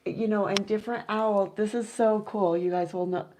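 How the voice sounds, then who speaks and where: A woman's voice: medium pitch, fairly even intonation, normal speed, darkish tone, a little hiss or hum, low-quality recording. A woman chatting casually with her viewers about her pet owl, enthusiastic and full of fillers, now and then imitating owl hoots. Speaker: owl keeper and vlogger.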